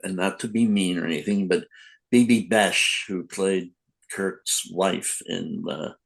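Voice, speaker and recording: A man's voice: sits low, steady tone, a little slow, creaky, low-quality recording. An older man, a comic book editor, telling rambling anecdotes in a casual podcast interview, acting out quotes.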